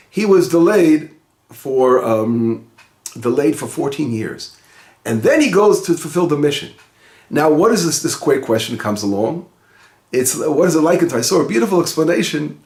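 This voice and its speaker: A rabbi gives a relaxed Torah lesson with a slightly raised voice. He talks conversationally, restarts his sentences and leans on key words. The room around him echoes. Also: on the high side. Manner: conversational, with frequent restarts and rising emphasis. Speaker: rabbi teaching the weekly Torah portion.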